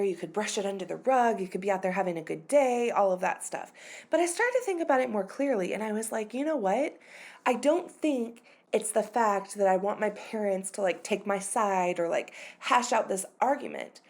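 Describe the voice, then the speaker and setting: A woman's voice: mid-range voice, lively intonation, normal speed. A woman in her thirties hosting her own podcast, talking openly about a hard personal moment in a casual, confessional way, full of "like" and "you know", her voice sometimes close to tears. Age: 30s. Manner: candid and confessional, uses many fillers like "like" and "you know". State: emotional, voice near tears at times. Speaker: podcast host.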